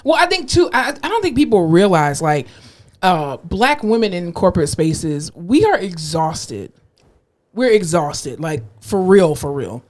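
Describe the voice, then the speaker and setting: Blunt, animated woman on a podcast. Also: on the low side, unhurried. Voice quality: nasal in her podcast voice. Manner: blunt and animated, swears freely. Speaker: podcast co-host. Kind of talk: casual podcast chat.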